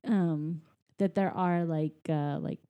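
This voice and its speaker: A woman chatting casually about a movie she just watched, retelling its scenes in an animated way. Her voice is mellow and warm, never sharp. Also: deep voice, takes it slowly. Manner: animated retelling, voicing characters playfully. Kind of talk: casual movie recap chat.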